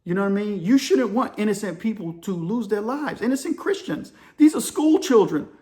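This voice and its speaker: A man's voice: sits high, animated, a little fast, dark tone. A man talking casually and persuasively to his viewers, calling them y'all as he hosts his own channel. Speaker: channel host. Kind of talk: casual opinion monologue to camera.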